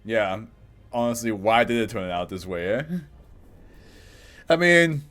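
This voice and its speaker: A man reacting out loud to an anime episode, laughing, swearing and talking back to the screen. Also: on the low side, big pitch swings, measured pace, soft background music. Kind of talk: casual reaction commentary.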